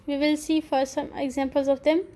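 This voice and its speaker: A woman teacher giving a recorded English grammar lesson, explaining slowly and carefully and spelling out letters. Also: high voice, little pitch movement, warm tone. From Pakistan.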